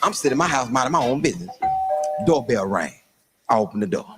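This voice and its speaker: A man telling a funny story in a lively way, acting out the people in it. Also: mid-range voice, quick pace, music in the background. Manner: animated, acts out the other people in his story. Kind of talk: comedic storytelling.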